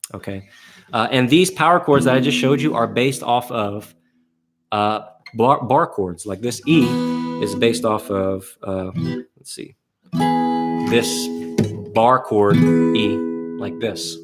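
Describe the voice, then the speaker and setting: Low-voiced male guitar teacher, casual. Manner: casual, many fillers and restarts. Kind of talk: live online guitar class.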